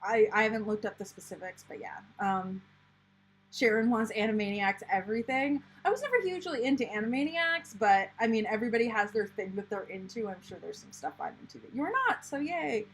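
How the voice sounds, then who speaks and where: Young American woman, casual live-stream host, loose and rambling delivery, slightly high voice. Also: expressive, fairly quick, husky, poor audio. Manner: chatty, rambling, many fillers and restarts. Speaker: planner channel host. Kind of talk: casual live-stream chat reading viewer comments.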